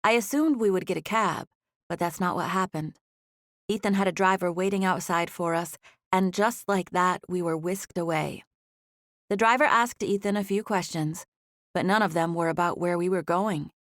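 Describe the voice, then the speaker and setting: A woman narrating a romance audiobook in the first person, with expressive storytelling. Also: lowish voice, normal speed, no echo, studio quality.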